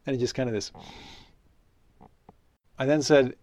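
A middle-aged man preaching a sermon in an earnest, conversational way, telling stories and letting his voice drop softly at the ends of phrases. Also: medium pitch, steady tone, measured pace. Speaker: preacher and religious teacher. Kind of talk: sermon with storytelling.

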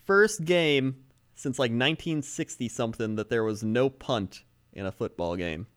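A man co-hosting a podcast in casual chat, laughing often and slipping into loud mock sports-fan voices. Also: medium pitch, normal speed. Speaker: podcast co-host.

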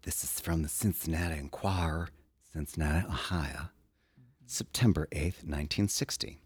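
A man's voice: very deep voice, moderate pace, husky, no room sound, clean studio sound. A man co-hosting a casual comedy chat, reading old advice letters aloud with wry asides. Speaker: podcast co-host.

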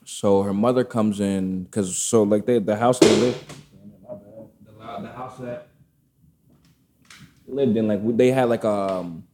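A man's voice: on the low side, fairly even intonation, slow, noisy background. A man in a casual chat, telling a long personal story in a rambling way, full of fillers and swearing. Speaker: podcast guest telling a story.

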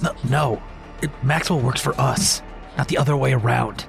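Male player, gravelly, gruff and short-tempered. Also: mid-range voice, normal speed. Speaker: tabletop player. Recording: faint music behind.

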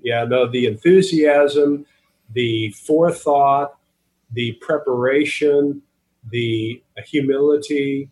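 A man's voice: mid-range voice, slow pace, a little hiss or hum, poor audio. A man who is an author and podcast guest, sincerely thanking the hosts in an interview. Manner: earnest, sincere, trails off softly.

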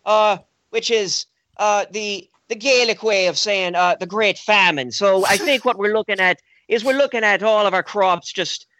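A man's voice: sits high, moderate pace, pushed and bright, dry recording, low-quality recording. A man doing a put-on Irish accent as a rambling, joking Irish character on a casual podcast, hesitating with many "uh"s. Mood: mock-serious. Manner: hesitant, full of "uh" and restarts. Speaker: podcast co-host.

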